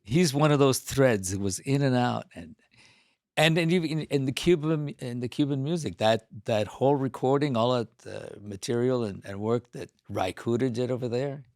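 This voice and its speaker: A man hosting an interview, telling stories in a lively, animated way. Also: medium pitch, moderate pace, no echo, clean studio sound. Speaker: host. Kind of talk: casual interview chat.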